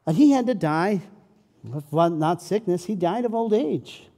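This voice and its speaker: A man preaching a sermon as pastor, dramatic, moving between loud pleading and a soft, slow hush. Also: high voice, animated. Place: church sanctuary. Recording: church hall with long reverb.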